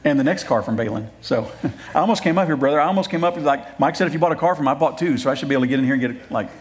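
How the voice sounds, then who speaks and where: A man's voice: on the high side, very fast. Man preaching a conversational sermon. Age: middle-aged. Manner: conversational, joking asides, warm appeals. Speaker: pastor. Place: church.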